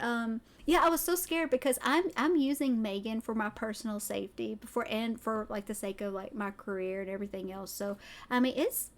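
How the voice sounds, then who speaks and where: Woman, Southern accent, excitable, rambling, slightly high voice. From Tennessee. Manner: excitable, rambling, goes off on tangents. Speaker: streamer. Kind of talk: casual chat.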